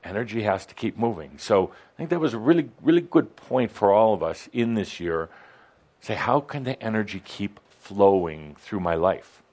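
Low-voiced man, relaxed halting talk. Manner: relaxed, halting with many restarts. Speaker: co-host discussing channelled teachings. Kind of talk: casual conversational discussion.

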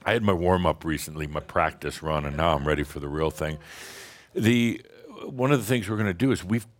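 A man's voice: low voice, a little fast. A man giving a rambling, playful spiritual talk to a live group, often chuckling and restarting his sentences. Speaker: spiritual teacher addressing an audience.

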